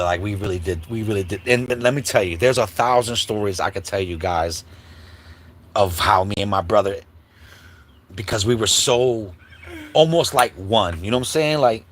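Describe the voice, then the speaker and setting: A man hosting a livestream, telling a childhood story in a casual, animated way and acting out the quotes, with many asides to the listeners. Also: fairly low pitch, moderate pace. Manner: animated storyteller, acts out quotes, many "you know what I'm saying" asides. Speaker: host. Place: livestream setup.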